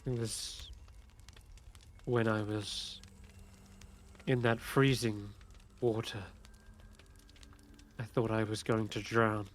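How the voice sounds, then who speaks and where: A man voicing the spirit of a proud female orc war chief, speaking softly and haltingly to her child. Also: on the low side, level tone, a little hiss or hum. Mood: somber.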